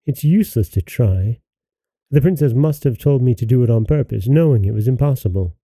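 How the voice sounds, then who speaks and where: A man voicing a courteous, dutiful young male envoy in a storybook reading, in his own dark, creaky voice. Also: mid-range voice, expressive, brisk, no echo. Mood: earnest.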